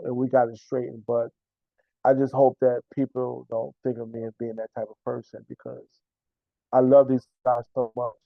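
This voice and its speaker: A man's voice: mid-range voice, gravelly, no echo. Earnest man on a tinny phone line. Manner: earnest, repeats himself, stumbles over words. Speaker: team general manager and coach. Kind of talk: emotional interview answers.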